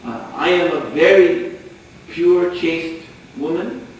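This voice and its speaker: A snooty, prim young girl, put on by a man telling a story, speaks with lofty scorn and indignation. Her voice sits fairly high. It rings through a very echoey hall from a distant mic, with a faint hiss behind. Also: a little slow, close to an everyday voice. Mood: haughty. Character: haughty proud young girl, snobbish and prim.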